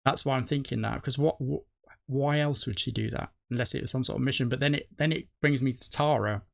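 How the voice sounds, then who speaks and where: A man's voice: medium pitch, a little fast, gravelly, a bit bright. A middle-aged man, rambling through his theories on a reaction video and correcting himself as he goes. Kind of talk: casual rambling commentary.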